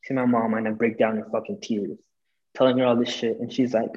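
A man's voice: mid-range voice, fairly quick. A young man on a podcast telling a personal story casually, swearing and acting out what people said. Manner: animated, swearing, acts out quotes. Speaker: podcast guest. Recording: dull lo-fi audio.

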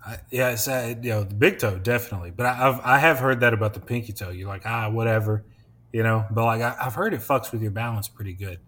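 A man's voice: on the low side, fast talker, a bit bright. A young man hosting a podcast, chatting casually, rambling and laughing often, with lots of swearing. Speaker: podcast host. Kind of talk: casual chat.

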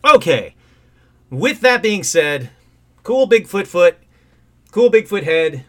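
Excitable man hosting a livestream. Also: high-pitched, slow. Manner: excitable and rambling, with sudden outbursts. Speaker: host of a call-in livestream show. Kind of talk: casual live-stream chat. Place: at home.

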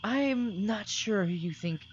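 A man's voice: sits high, lively intonation, slow, muffled recording, slight background noise, voice pushed up. A man whispering as an eerie lake spirit. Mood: ominous. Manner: distant, ominous whisper.

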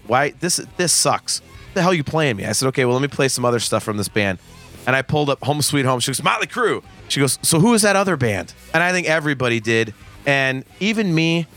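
A man in his forties rants on a podcast with a bright, forceful voice, profane and emphatic. Faint music sits low behind him. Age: 40s. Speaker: podcast guest. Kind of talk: casual podcast chat.

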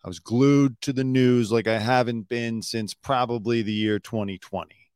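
A man hosting a casual news commentary show, sarcastic and quick to mock pundits. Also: mid-range voice, steady tone, darkish tone, clear, resonant tone, dry recording, clean studio sound. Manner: sarcastic, mocks pundits in put-on mopey voices.

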